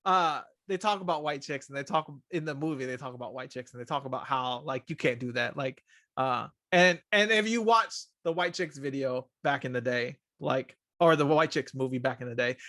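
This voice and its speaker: Male co-host, casual movie review chat, animated storyteller; bright, lively voice, dry sound. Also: a little high, normal speed, no room sound. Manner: animated, acts out quotes in raised voices. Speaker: podcast co-host.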